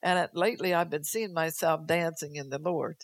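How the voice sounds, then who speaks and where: A woman's voice: low voice, fairly quick, dry recording. Older woman preaching, dry close sound. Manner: exhorting, delivers prophecy in first person as God; folksy, teasing asides. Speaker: church speaker. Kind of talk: sermon. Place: church service.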